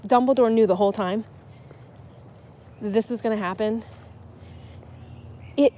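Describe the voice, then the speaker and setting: Woman, podcast host, slightly high, mellow voice, chatty, emotional, trips over her words. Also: measured pace, a little hiss or hum. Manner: chatty and emotional, with frequent restarts. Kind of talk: casual solo podcast talk.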